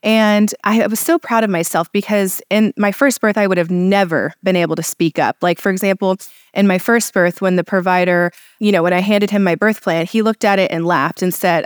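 A woman's voice: mid-range voice, fairly quick, clean tone, no echo, studio quality. A woman in her thirties, a podcast guest, telling her birth story in an earnest, emotional way with many fillers.

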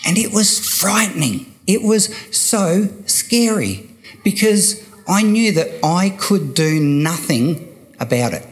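Older aussie guy preaching, slow and emphatic, kinda high voice, repeats himself for effect. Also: expressive. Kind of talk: sermon.

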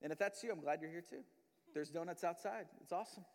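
A man's voice: fairly high pitch, fast, creaky, long reverb tail. A man giving a sermon as pastor in a church, talking conversationally and acting out quoted prayers and voices. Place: church sanctuary.

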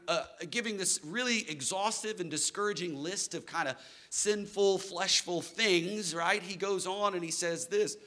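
A man's voice: high voice, sharp tone. A man in his thirties preaching a sermon in a church hall, earnest and building to emphatic declarations. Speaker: pastor.

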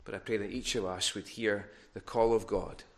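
Earnest preacher in church. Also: male voice, on the low side, fairly even intonation, normal speed. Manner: earnest preaching, swells louder on appeals, frequent restarts. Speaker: pastor. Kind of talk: sermon.

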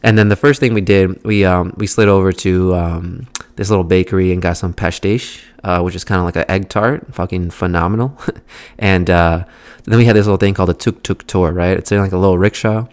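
A man with a deep voice that barely rises or falls tells a loose, rambling travel story, full of fillers and the odd curse. His voice is smooth and resonant, recorded close and dry. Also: steady tone, fairly quick, no echo. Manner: rambling, filler-heavy, profane. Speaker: vlog host. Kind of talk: casual travel recap.

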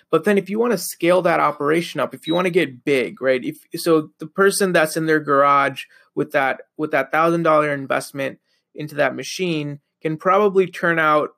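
A young man hosts his podcast alone, talking loosely and rambling with plenty of fillers. His voice sits a little high and has a gravelly, fried edge. He sounds a bit sleepy. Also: fairly bright tone. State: sleepy, yawning. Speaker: podcast host. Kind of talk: casual solo monologue.

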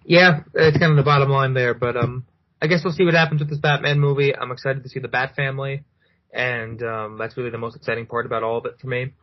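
A man's voice: medium pitch, fairly even intonation, fast talker. A man co-hosting a casual podcast, enthusiastic and fan-minded, hedging often with ums and "I mean". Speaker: podcast co-host. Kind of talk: casual chat. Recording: dull lo-fi sound.

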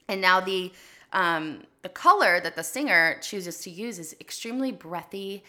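A woman hosting a podcast, teaching a casual spoken singing lesson in a chatty, animated way with lots of "like" fillers. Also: fairly low pitch, moderate pace. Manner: chatty and animated, drifts into short sung demonstrations; frequent "like" fillers.

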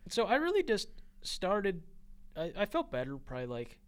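Speaking at a moderate pace in a high, clean voice, a young podcast co-host gets animated while sharing a story during casual conversation. He laughs throughout and leans heavily on the word "like".

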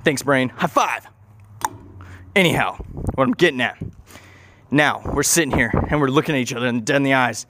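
A man's voice: mid-range voice, normal speed, long pauses, noisy background. A man improvising a rambling comic story, often interrupting himself and swearing casually.

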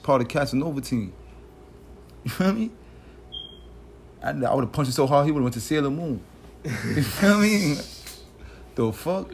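A man's voice: on the high side, animated, a little slow, creaky, long pauses, a little hiss or hum. A man co-hosting a podcast, talking loosely and joking in heavy slang. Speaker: podcast co-host. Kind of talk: casual podcast banter.

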